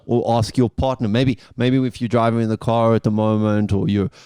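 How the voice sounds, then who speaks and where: A man's voice: on the low side, fairly even intonation, fairly quick, mellow, clean tone, no room sound, studio quality. A man co-hosting a podcast, joking, teasing and laughing often in casual banter. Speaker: podcast co-host.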